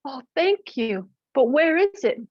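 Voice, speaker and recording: A woman's voice: high-pitched, big pitch swings, a little slow, no room sound, pitched above the performer's own voice. A woman voicing a tearful, pregnant young woman from the sky who pleads for help. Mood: pleading. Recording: dull, dry lo-fi recording.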